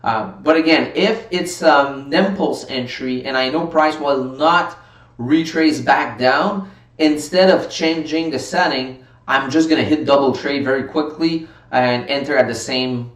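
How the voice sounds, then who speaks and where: A man's voice: mid-range voice, unhurried, a bit bright. A man hosting a live trading stream in casual commentary, reading viewer chat aloud and reacting, sometimes getting worked up. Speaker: livestream trading host. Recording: roomy sound from a distant mic.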